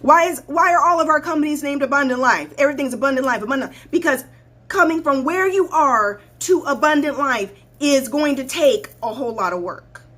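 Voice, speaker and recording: A woman's voice: high-pitched, lively intonation, a little fast, pushed and bright. A woman life coach hosting her own show, talking straight to viewers in a blunt, preachy way and repeating points for emphasis. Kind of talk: livestream talk to viewers.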